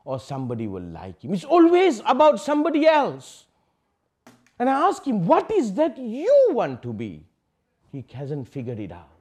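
Man teaching spirituality to a crowd, voice jumps all over, goes loud then drops to a hush. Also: medium pitch, huge pitch swings, normal speed, husky. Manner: rhetorical questions, dramatic swings from loud to hushed. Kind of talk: public spiritual talk. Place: public talk to audience.

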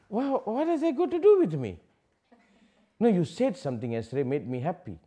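A man giving a public spiritual talk, asking rhetorical questions and swinging from loud declarations to hushed asides. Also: medium pitch, wildly swooping pitch, fast. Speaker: spiritual teacher.

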